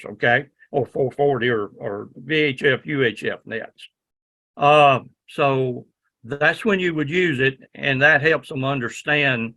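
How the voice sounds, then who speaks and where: A man's voice: medium pitch, bright, forceful tone. A man with a Southern US accent teaching a ham radio licensing class in a folksy, rambling way, often checking in with "okay?". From Southern United States. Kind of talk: classroom lecture.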